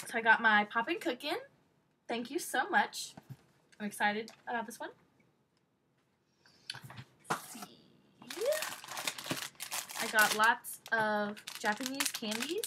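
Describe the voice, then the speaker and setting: A woman opening a package for her vlog, gushing and excitable, often squealing. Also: fairly high pitch, noisy background. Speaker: vlogger.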